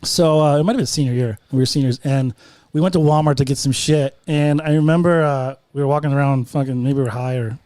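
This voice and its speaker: The voice belongs to a man of medium pitch who talks at a quick pace, sounding a little mellow with no room sound. A guest comedian in a podcast studio, he casually spins rambling, profane tales and plays the voices of everyone involved.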